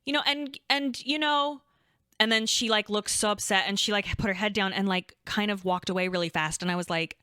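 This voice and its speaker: Young woman podcast co-host, casual storyteller, bright and smooth, close and dry. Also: mid-range voice, fast talker, hardly any pauses, no room sound. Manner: animated, chatty, swears freely, acts out quotes.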